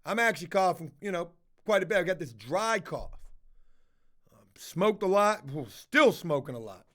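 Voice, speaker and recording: High-voiced, foul-mouthed man rambling. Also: expressive, moderate pace, a bit bright. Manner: profane, rambling, blunt. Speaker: livestream host reading chat. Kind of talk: casual livestream chat.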